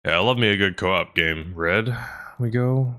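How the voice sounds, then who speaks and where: A man's voice: deep voice, normal speed, bright, forceful tone. A man streaming a game, chatting casually with viewers and laughing often. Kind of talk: casual gameplay commentary to chat.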